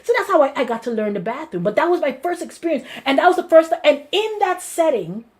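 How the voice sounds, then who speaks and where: A Guyanese woman pastor telling her life story in an animated way, with lots of repetition and restarts. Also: sits high, fairly quick. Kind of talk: personal testimony to a congregation.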